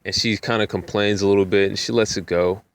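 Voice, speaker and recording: A man's voice: on the low side, steady tone, fast, smooth, no room sound. A young man and rideshare driver telling a story in a laid-back, casual way, often repeating filler phrases. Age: young adult.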